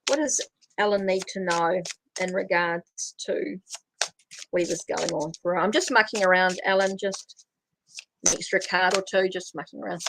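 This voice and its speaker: A woman's voice: lowish voice, moderate pace, gravelly, noisy background. A woman with a New Zealand accent giving a casual tarot reading on a livestream, thinking aloud as she draws cards. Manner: chatty, thinks aloud while drawing cards. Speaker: tarot reader.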